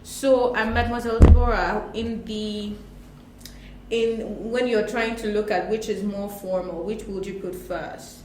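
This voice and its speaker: A woman's voice: mid-range voice, fairly even intonation, unhurried, background noise. A woman co-hosting a casual language lesson, asking curious questions and playfully repeating phrases. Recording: echoey room with faint music.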